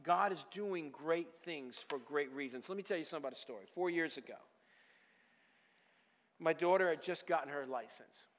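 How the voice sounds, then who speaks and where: Passionate preacher in a reverberant hall. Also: male voice, fairly high pitch, normal speed. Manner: preaching, swings from quiet storytelling to loud passionate crying out. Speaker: pastor. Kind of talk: sermon with personal story.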